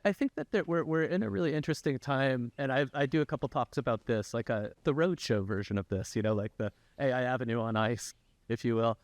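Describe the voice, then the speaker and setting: A developer educator appears as a guest on a tech podcast, chatting casually and with enthusiasm. He is animated, restarts often and tags his points with "right?". His mid-range voice moves a little fast, with no room sound.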